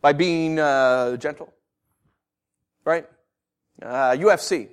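A man preaching a sermon, asking rhetorical questions and swinging from quiet asides to loud declarations. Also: on the high side, slow, smooth.

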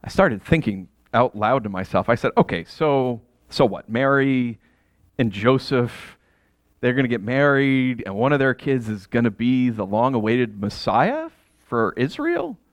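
Speaking at a medium pitch and a little slowly, a very animated man performs a dramatic first-person monologue for an audience, with no room sound in the recording. Quiet asides give way to exasperated, nearly shouted outbursts, and he keeps hitting listeners with rhetorical questions.

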